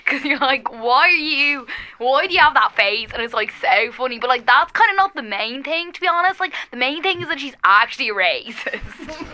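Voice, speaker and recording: A woman's voice: sits high, animated, normal speed, bright, forceful tone. Woman playing a giggly mocking coworker. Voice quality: valley-girl filler "like", giggly. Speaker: character caller. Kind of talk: improvised comedy radio call-in. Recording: heard over a phone line.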